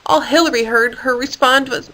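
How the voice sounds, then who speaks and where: A woman reading a children's story aloud in a playful, expressive manner. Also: high-pitched, moderate pace, rough recording. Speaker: storyteller for a homeschool course. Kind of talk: storybook read-aloud narration.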